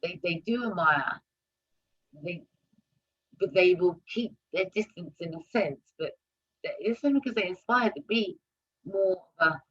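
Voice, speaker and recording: A woman hosting a live talk stream, talking casually and turning loud and animated when she presses a point. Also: fairly low pitch, unhurried, pauses often, husky, lo-fi sound. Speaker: host of a live talk show.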